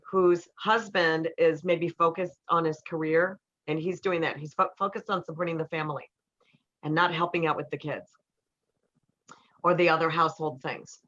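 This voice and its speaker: A middle-aged woman speaking to an audience as a relationship counselor, telling lively stories and acting out what people said. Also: fairly low pitch. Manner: animated storyteller who acts out quotes. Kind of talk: storytelling talk to an audience. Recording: slightly dull, muffled recording.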